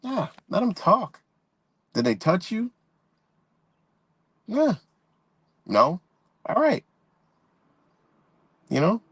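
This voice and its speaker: A man's voice: high-pitched, big pitch swings, drawn-out words, pauses often, fairly bright tone, slightly rough, no room sound. A man hosting a live stream, ranting bluntly in profane street talk and greeting viewers in the chat. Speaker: livestream host. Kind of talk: casual live-stream rant.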